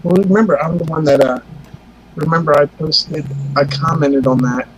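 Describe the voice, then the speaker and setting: A man co-hosting a casual chat, speaking in a hesitant, halting way. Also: fairly high pitch, husky, low-quality recording. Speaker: co-host.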